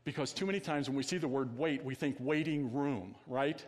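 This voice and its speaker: A male pastor preaching a sermon in a conversational way, often asking his listeners questions and dropping to a quiet voice for emphasis. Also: medium pitch, a little fast, long reverb tail.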